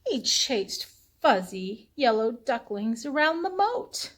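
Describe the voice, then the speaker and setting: A woman librarian reading a picture book aloud to children in a playful, animated storytelling voice. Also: on the high side, slow pace.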